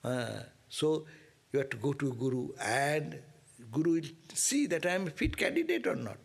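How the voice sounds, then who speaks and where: A monk teaches a scripture class, working through Sanskrit verses and checking in with "no?" and "huh?". His voice is somewhat high for a man, gravelly and a little husky. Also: sing-song, moderate pace. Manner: explains Sanskrit verses line by line, with frequent rhetorical "no?".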